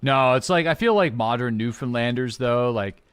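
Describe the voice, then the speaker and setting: A man with a Prince Edward Island accent chats with his stream while gaming, middle-pitched and loose. He rambles, swears freely and keeps talking. The pace is casual and conversational. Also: expressive, normal speed, fairly bright tone, clear, resonant tone. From rural Prince Edward Island, Canada. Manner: rambling, swearing, self-described yapping. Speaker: game streamer.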